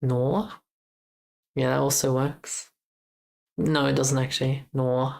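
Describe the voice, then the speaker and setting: A woman's voice: a bass voice, monotone, measured pace, gravelly, low-quality recording. A young Australian woman with an Australian accent, chatting casually on a livestream while she codes, thinking aloud and correcting herself. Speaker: game jam streamer.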